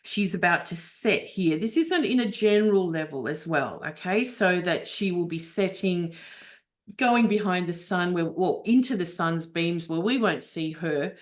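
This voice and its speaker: A woman's voice: lowish voice, animated, unhurried. A woman teaching astrology in a webinar, explaining a chart step by step with frequent fillers and restarts over a video call.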